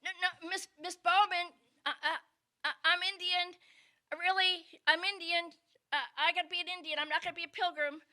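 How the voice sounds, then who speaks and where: Woman playing a little girl, stubborn, stammering, pleading, high bright voice. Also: steady tone, normal speed.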